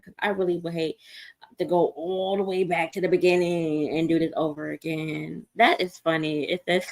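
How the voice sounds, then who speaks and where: A woman hosts a casual, unscripted livestream through a computer mic, reading viewer comments aloud and answering them. Her low voice has vocal fry, and she rants fast, bluntly and profanely, often restarting sentences. The recording is rough.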